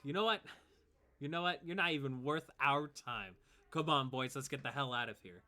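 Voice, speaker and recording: A man doing a loud bully kid wizard. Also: medium pitch, normal speed, natural voice. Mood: sneering. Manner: taunting, loud and brash. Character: rowdy teenage boy bully, sneering wizard student.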